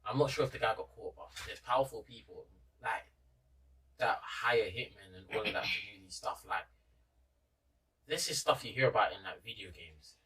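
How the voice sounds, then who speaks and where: A man's voice: fairly low pitch, normal speed, sharp tone, slightly rough, distant mic, rough recording. A man with a London accent, chatting casually as a podcast host, rambling and dropping in "innit".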